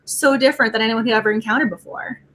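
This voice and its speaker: A woman co-hosting a casual book club discussion, animated and reading quoted lines aloud with feeling. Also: on the high side, fast talker.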